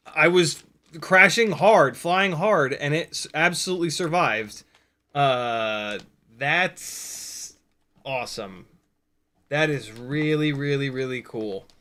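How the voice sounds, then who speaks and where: A fairly high, bright-voiced man chats through a hobby livestream. He gets excited and curses casually, breaking off and restarting sentences as he works at his bench. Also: slow pace. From United States. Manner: excitable, profane, rambling with restarts. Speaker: FPV drone livestream host. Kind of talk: casual hobby livestream, hands-on soldering demo.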